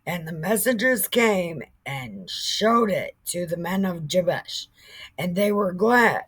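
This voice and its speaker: Slow, irreverent woman retelling scripture. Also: on the low side, animated, husky. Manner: profane, joking, stumbling over words. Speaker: Bible storyteller.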